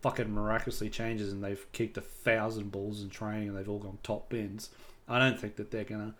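A man's voice: on the low side, flat delivery, brisk, a bit bright. A man co-hosting a casual football chat, laid-back and agreeable, swearing now and then. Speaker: podcast co-host.

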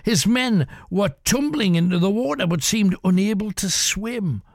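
A man telling a grisly tale in a measured, dramatic storytelling manner as the show's host. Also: sits high, expressive, vocal fry, a little mellow, no echo, studio quality.

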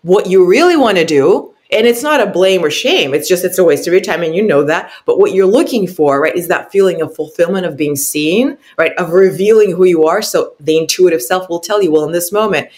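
Here the intuitive coach talks in a lowish, darkish voice during an interview. Her delivery is earnest and emphatic, full of pauses for "right?" and repeated words as she hunts for what to say.

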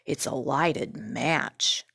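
A woman voicing a friendly male scarecrow stuffed with straw, with a husky, polite and earnest voice, reading a storybook aloud. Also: rumbling low, very slow, fairly bright tone, no echo, studio quality, pitched below the performer's own voice, exaggerated voice. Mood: confiding.

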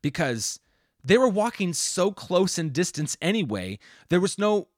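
A man's voice: high-pitched, big pitch swings, a little slow, dry recording, studio quality. Rambling man co-hosting a film podcast. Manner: rambling, restarts, many "like" and "you know". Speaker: podcast co-host. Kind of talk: casual film review chat.

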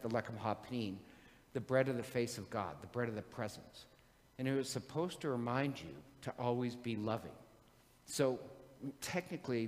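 Man preaching in a reverberant hall. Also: medium pitch. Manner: conversational, joking storyteller. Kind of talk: sermon.

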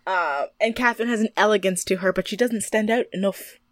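A podcast co-host with a mid-range voice chats casually and a little fast while recapping a TV show, giggling often and doing mocking impressions of the people she talks about. The sound is clean studio audio with no room sound.

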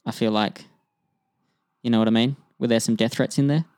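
A man's voice: medium pitch, steady tone, brisk, a little mellow, no echo, clean studio sound. A man co-hosting a podcast, chatting casually and throwing in wry, teasing asides. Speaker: podcast co-host.

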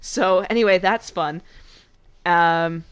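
A woman's voice: lowish voice, slow pace, clean tone, lo-fi sound. A woman casually recapping a movie in a chatty, playful way, acting out lines as she goes. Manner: chatty, playful, acts out quotes in voices.

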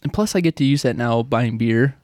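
Co-host, Midwestern man, mid-pitched, laid-back banter, dry mic. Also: fairly quick, darkish tone, dry recording. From American Midwest. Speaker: podcast co-host. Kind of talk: casual chat on a live-streamed podcast.

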